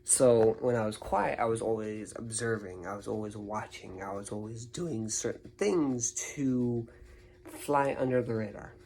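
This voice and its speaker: Gravelly-voiced man telling a story. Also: on the low side, unhurried, a little mellow, poor audio. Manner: rambling, repeats words and restarts. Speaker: vlogger. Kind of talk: casual storytelling monologue.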